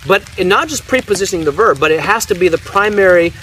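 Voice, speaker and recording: Casual male explainer, higher voice, distant mic, faint hiss. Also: animated, quick pace, a bit bright. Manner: explanatory, frequent restarts and "right?" tags. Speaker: Bible translator. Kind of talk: casual teaching conversation.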